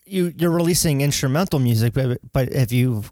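A man's voice: medium pitch, a little fast, dry recording. Casual male interviewer, dry close sound. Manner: relaxed and joking, asking long rambling questions. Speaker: interviewer and photographer.

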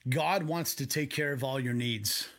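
A man preaching a sermon from home in a conversational way, with quick asides. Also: medium pitch, a bit bright. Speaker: pastor.

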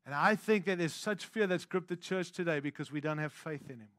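A man preaching a sermon as pastor, swinging from hushed intimate lows to loud emphatic declarations, with conversational asides to the congregation. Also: a little fast, no echo, clean studio sound.

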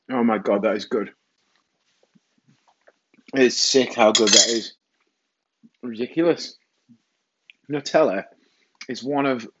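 A man's voice: medium pitch, lo-fi sound. A middle-aged man hosting a rambling solo podcast from his kitchen, self-mocking and casually swearing. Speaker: podcast host. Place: home kitchen.

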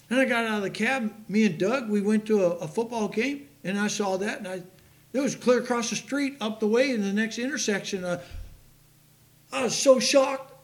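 An older man preaching a sermon, impassioned and emphatic, stumbling over hard names as he reads scripture aloud. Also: extremely high pitch. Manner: emphatic, impassioned, with sudden loud outbursts.

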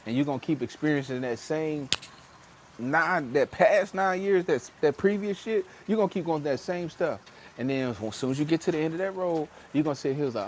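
A man's voice: on the high side, a little fast, a little mellow, a little hiss or hum. A man on a casual motivational podcast, talking emphatically in slang and acting out voices when he quotes people. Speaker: podcast co-host.

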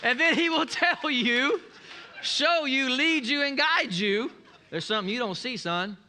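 A preacher man with a high, ringing voice, delivering a sermon full of folksy humor. He tells stories with a grin and calls the congregation to answer back. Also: a little slow, pushed and bright, a faint crowd, slight background noise. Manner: folksy, humorous storytelling with call-and-response. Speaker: pastor.

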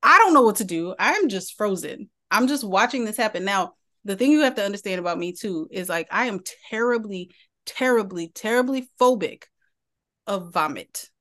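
Speaking at medium pitch and a moderate pace, a woman co-hosting a podcast relates a family story while chatting casually. She's animated throughout and keeps laughing in the middle of her sentences.

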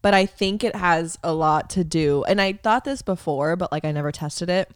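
A woman's voice: fairly low pitch, moderate pace, clean tone, no room sound, clean studio sound. A young woman co-hosting a podcast, laughing often and chiming in with short reactions before telling her own story. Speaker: podcast co-host. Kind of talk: casual chat.

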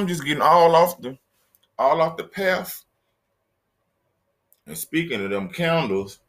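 Man, low voice, casual solo podcast, slangy, joking, talks to listeners. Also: bright, forceful tone. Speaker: podcast host. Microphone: laptop setup, talking to camera.

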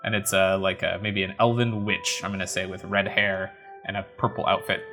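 A man with a fairly low voice talks through a game live on stream, wry and easily amused. He chats casually into a desk mic at home while soft game music plays faintly behind him. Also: level tone, brisk. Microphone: webcam setup with desk mic.

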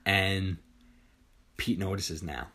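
A man in his forties retelling a horror film in a casual chat, excited and profane, acting out the scenes. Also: deep voice, slow pace. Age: 40s. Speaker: podcast co-host. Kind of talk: casual movie review chat.

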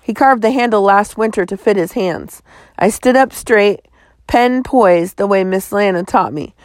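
A woman reading a children's novel aloud in a measured storytelling manner. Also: mid-range voice, no room sound. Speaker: audiobook narrator.

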